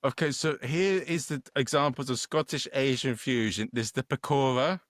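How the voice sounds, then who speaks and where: A man hosting a casual podcast interview, relaxed and joking, sometimes searching for his words. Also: mid-range voice, normal speed, no room sound, studio quality. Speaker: podcast host.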